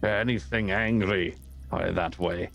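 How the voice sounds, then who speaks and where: Brief: man as a curt adventurer, deep and gravelly, faint music behind. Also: fairly even intonation, unhurried, a bit bright, heavily acted. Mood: blunt. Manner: terse, curt answers.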